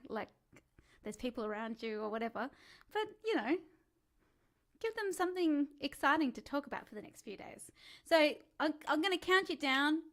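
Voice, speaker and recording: A woman teaches singing over a live stream, her voice high and a little bright. As a chatty, encouraging coach, she illustrates vocal sounds by performing sighs, whimpers, and calls.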